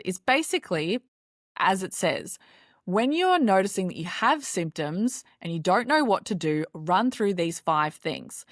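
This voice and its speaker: A woman's voice: on the low side, no echo, clean studio sound. A woman, a doctor hosting her own podcast and explaining things conversationally. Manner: conversational, explanatory, with scripted intro. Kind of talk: solo podcast monologue.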